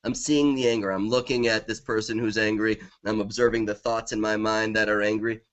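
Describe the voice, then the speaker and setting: A man's voice: on the low side, little pitch movement, fairly quick, fairly bright tone, highs cut off. A middle-aged man, a guest author in a conversational interview, talking with enthusiasm and repeating affirmations.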